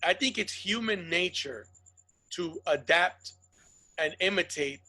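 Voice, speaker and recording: A man with a bright, sharp tone and a slightly husky edge holds forth in casual chat. He makes his points with emphasis, repeating himself and swearing freely. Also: sits high, slow pace, poor audio. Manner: emphatic, profane, argumentative. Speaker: podcast guest.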